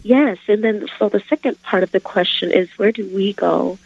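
A woman's voice: mid-range voice, moderate pace, gravelly, breathy edge. A woman calling in to a radio show with a Bible question, speaking hesitantly with many fillers. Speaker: caller. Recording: dull phone-in audio.

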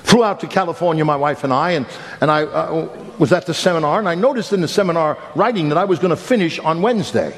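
A middle-aged male pastor preaching a sermon, telling a funny story in an animated, self-mocking way with sudden emphatic rises. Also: a little high, fast. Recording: long hall reverb, faint background noise.

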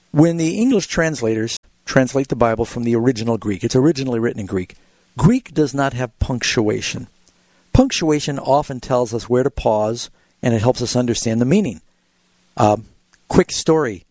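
In a radio studio, a man hosts a call-in show as a pastor, answering Bible questions by explaining scripture like a teacher and telling short illustrative stories. His voice is medium-pitched and darkish, at normal speed, on a dry recording.

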